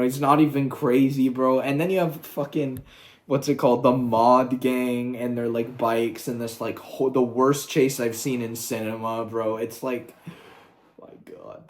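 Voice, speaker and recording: A man talking in a casual, profane rant, excitable and full of quick asides. His voice sits mid-pitched, and the recording carries a roomy echo. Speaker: video creator.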